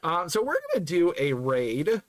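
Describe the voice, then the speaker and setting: A man's voice: fairly high pitch, very animated, moderate pace. A man hosting a podcast stream, chatting casually and goofing around as he signs off. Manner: jokey, goofy, rambling sign-off. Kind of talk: casual chat while live streaming.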